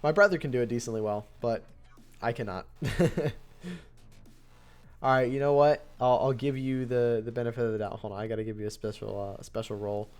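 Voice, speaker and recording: A man's voice: mid-range voice, fairly even intonation, fairly quick. A man hosting a casual live stream, chatting, laughing often and thanking donors as he comments on matches. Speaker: streamer and host.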